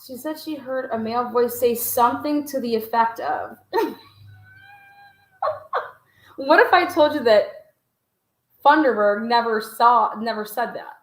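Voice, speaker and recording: Woman hosting a call-in show, kinda high voice, acts out little conversations, roomy echo. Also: unhurried, pauses often. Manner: animated, acts out imagined dialogue. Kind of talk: casual commentary.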